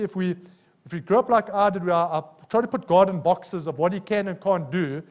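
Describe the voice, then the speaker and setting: A man preaching with a South African accent, his voice sitting fairly high. He tells stories from his own life and keeps checking in with the congregation as he goes. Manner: animated, personal storytelling with frequent "Amen?" calls. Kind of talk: sermon.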